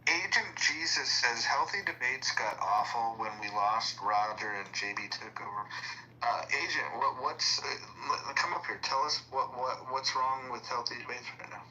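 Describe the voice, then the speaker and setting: A man hosting an online debate room, talking in a halting, rambling way with many restarts. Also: mid-range voice, sharp tone, slight background noise, poor audio. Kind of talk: casual chat.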